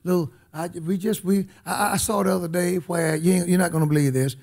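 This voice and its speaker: A man preaching a sermon. He is emphatic, calls out to the congregation, and swings between shouted lines and quiet asides. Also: sits high, fairly even intonation, fairly quick, creaky.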